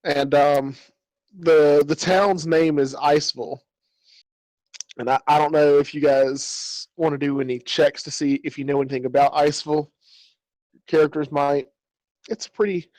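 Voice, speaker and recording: A man narrates a tabletop game as its game master, with a slightly raised pitch. He rambles, filling gaps with ums and circling back to restart his sentences. The sound is dry and close. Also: darkish tone, no echo, rough recording. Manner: rambling, with many fillers and restarts.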